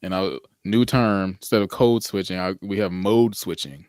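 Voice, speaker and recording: Deep voiced guy on a podcast, calm and thoughtful, dry sound. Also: normal speed, no room sound. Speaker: podcast co-host. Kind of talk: casual conversation.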